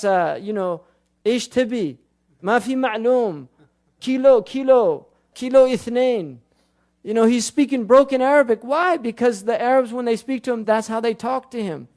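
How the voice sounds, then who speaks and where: Religious lecturer, high male voice, quick rhetorical questions, arabic terms sprinkled in. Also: a little mellow. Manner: questions the audience rapidly, quotes classical sources; mixes Arabic terms into his speech. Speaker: Islamic scholar and lecturer.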